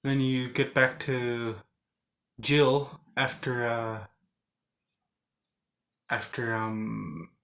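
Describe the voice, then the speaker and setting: A man talks through a video game's story in a loose, rambling way, full of fillers and false starts. His voice sits at an ordinary middle pitch. Now and then he breaks into growls and sound effects for the characters. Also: fairly even intonation, drawn-out words, vocal fry, long pauses, a bit bright. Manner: acts out game characters with grunts and sound effects. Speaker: game reviewer. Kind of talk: casual game recap.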